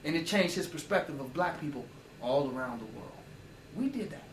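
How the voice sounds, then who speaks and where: A man's voice: fairly high pitch, animated, brisk, far from the mic, slight background noise. Emphatic man lecturing in an echoey room. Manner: emphatic and profane, with rhetorical questions. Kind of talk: informal lecture. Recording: roomy echo, voice away from the mic.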